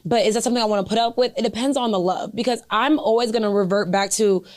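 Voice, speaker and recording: A young woman co-hosting a casual podcast chat, candid and laid-back, quick to laugh. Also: fairly high pitch, a little mellow. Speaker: podcast co-host.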